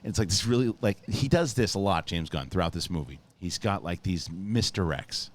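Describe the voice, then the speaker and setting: A movie review show host with a low-pitched voice speaks at a normal pace. He gives an excited, rambling review full of spoilers, swearing often and restarting sentences.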